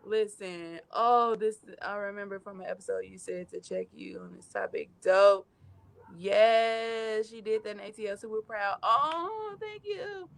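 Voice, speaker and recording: A woman on a live stream, tearful and laughing as she gives effusive shout-outs while reading comments. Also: medium pitch, steady tone, moderate pace, vocal fry, no echo. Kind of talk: emotional casual chat, reading comments.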